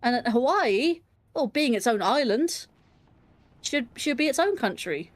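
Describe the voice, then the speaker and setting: A woman's voice: high voice, expressive, measured pace. An English woman speaks in a slightly raised voice, her accent a blend of London and standard Southern English. She rambles cheerfully through casual chat over gameplay, working out her thoughts as she goes. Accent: London English mixed with standard Southern English. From England. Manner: rambling, thinking aloud, chatty.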